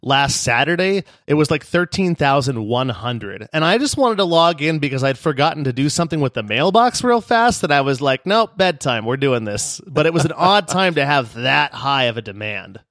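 A man's voice: fairly high pitch, animated, moderate pace, few pauses, a bit bright, dry recording, clean studio sound. A man co-hosting a casual gaming podcast, joking around in a goofy, playful way. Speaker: podcast co-host.

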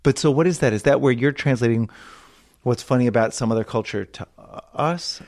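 A man of about fifty hosting an interview podcast. His questions wander and restart as his enthusiasm runs ahead. He is casual and quick to laugh. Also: medium pitch, darkish tone. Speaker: podcast host.

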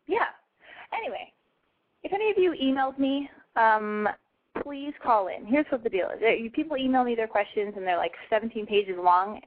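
A woman's voice: a little high, no echo. Brash, profane woman on a tinny line. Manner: brash, profane and self-mocking. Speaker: radio show host. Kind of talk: casual call-in show monologue. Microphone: home mic over a call-in line. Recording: dry, tinny phone-line sound.

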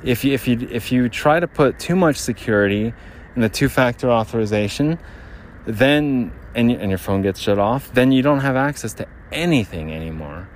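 A man hosting a podcast, talking casually and rambling while out of breath on a brisk walk outdoors in a city. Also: mid-range voice, animated. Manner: rambling, with many restarts. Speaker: podcast host. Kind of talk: casual walking monologue. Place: outdoors on a city street, near a generator. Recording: faint outdoor street noise. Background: street and traffic noise.

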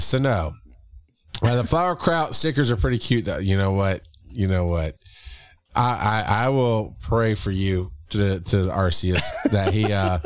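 A man's voice: lowish voice, no echo. A man co-hosting a casual podcast, reading listener comments with playful mock indignation. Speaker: podcast co-host.

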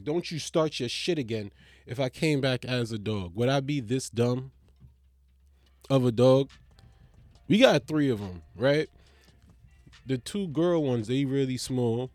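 A man's voice: medium pitch, darkish tone, no echo. A man talking casually in a comedic vlog monologue, rambling and swearing as he jokes. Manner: rambling, profane, joking.

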